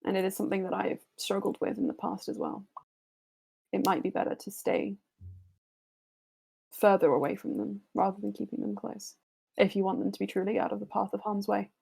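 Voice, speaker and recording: A woman running a tabletop game, voicing a character who gives measured, cautionary advice in her own gravelly voice. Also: medium pitch, fairly even intonation, a little mellow. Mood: earnest. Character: earnest character giving grave counsel.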